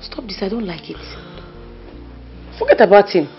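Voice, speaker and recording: Woman playing a lively coaxing Nigerian friend. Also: mid-range voice, normal speed, lo-fi sound, soft background music. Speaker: comforting best friend. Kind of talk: Nollywood film acting.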